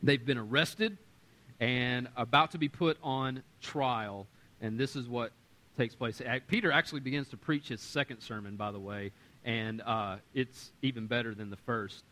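Bright, animated male pastor preaching. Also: medium pitch, normal speed, poor audio. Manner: animated, self-deprecating humor, acts out quotes. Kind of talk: sermon. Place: church sanctuary.

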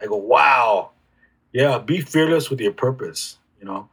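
Man, husky voice, reflective, halting speech, lots of restarts, interview guest. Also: mid-range voice, animated. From United States. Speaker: guest healer. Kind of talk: casual conversational interview.

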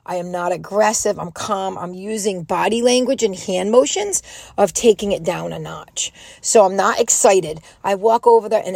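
A middle-aged woman telling a personal story in a casual, animated way, acting out what people said. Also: mid-range voice, dry recording. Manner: animated, quotes people in raised voices.

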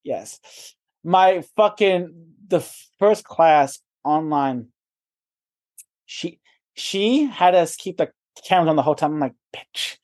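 A man's voice: fairly high pitch, lively intonation, slow, a little mellow. A young man co-hosting a podcast, chatting casually with a stutter, repeating words, swearing and laughing often. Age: young adult. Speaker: podcast co-host. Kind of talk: casual chat.

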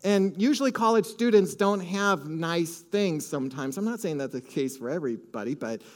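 High-voiced storytelling preacher man. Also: moderate pace. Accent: Minnesota. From Minnesota. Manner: animated storytelling with acted-out quotes and laughs. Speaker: pastor. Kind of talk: sermon storytelling.

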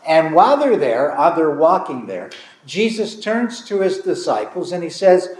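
A man's voice: a little high, very animated, normal speed, few pauses, a little mellow, slight background noise. A man preaching a sermon as a pastor, speaking in a conversational, storytelling way and acting out dialogue. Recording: echoey room.

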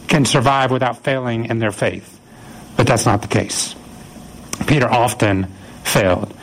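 A man preaching a sermon, retelling scripture as a lively story and acting out the voices of the people in it. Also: mid-range voice, low-quality recording. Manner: animated storytelling, acts out quoted voices. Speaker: pastor.

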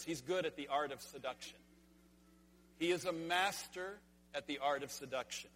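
A man delivers an earnest sermon, posing question after question and circling back on his key phrases. His voice sits a little high and carries a husky edge. A long reverb trails each line through the church sanctuary. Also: a bit bright. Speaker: pastor.

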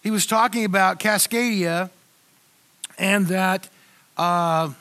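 An older male pastor delivers a sermon to his congregation in a relaxed, conversational way, his voice high for a man and bright and forceful. He often halts and restarts mid-thought, sounding unscripted, as if speaking directly to his people.

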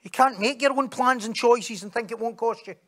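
A man's voice: extremely high pitch, brisk, fairly bright tone. A man preaching a sermon in a conversational way, acting out quoted voices and asking rhetorical questions.

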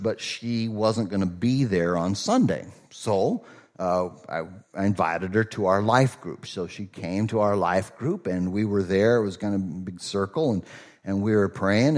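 A middle-aged male pastor preaching a sermon in a conversational, storytelling way, with frequent fillers and asides. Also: fairly low pitch.

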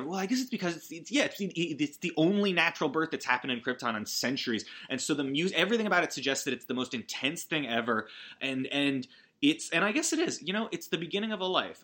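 A man's voice: a little high, lively intonation, fairly quick, bright, forceful tone. A man hosting a casual solo podcast, rambling through a film recap with swearing and frequent false starts. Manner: rambling, swearing, many restarts. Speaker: podcast host.

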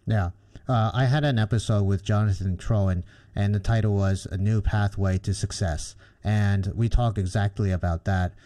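A man's voice: on the low side, steady tone, moderate pace, mellow. A male podcast host speaking thoughtfully and reflectively as he sums up ideas and asks his guest questions. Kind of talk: interview conversation.

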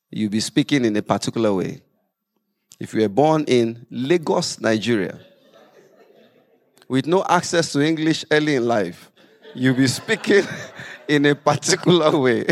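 A man preaching a sermon as pastor, lively with humorous asides. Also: medium pitch.

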